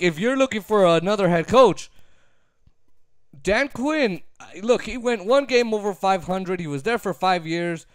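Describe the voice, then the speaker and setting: A man's voice: high voice, no echo, clean studio sound. A man giving an emphatic, opinionated sports talk rant, repeating his points and laughing easily. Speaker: sports commentator.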